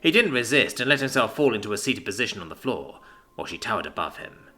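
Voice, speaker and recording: A man's voice: on the low side, sing-song, quick pace, bright, forceful tone. A man narrating a fiction story in a dramatic way, giving each character their own acted voice.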